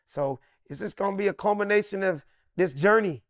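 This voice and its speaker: Comedian guy in his middle years spinning a wild story, kinda high voice, loud jumpy bits, dry sound. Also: a little fast, no room sound. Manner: excitable, swings to loud high bursts. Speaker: comedian guest. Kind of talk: animated storytelling.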